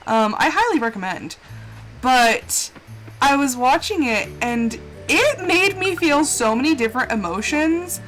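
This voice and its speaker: A woman's voice: on the high side, a bit bright. A young woman chatting casually while she streams a game live, gushing and emotional, laughing often and exclaiming a lot. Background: game music.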